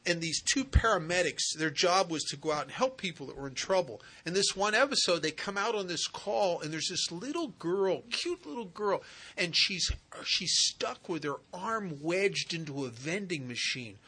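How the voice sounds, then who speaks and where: Guy giving a recovery talk, husky and kinda bright, acts out the people in his stories. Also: high-pitched, normal speed. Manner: animated, acts out dialogue. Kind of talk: spiritual talk with storytelling.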